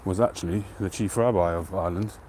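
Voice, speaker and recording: A man hosting a live stream outdoors, chatting to viewers in a relaxed, rambling way and greeting them by name. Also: sits low, quick pace, a little hiss or hum. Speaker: pipe-smoking livestream host. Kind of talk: casual live-stream chat.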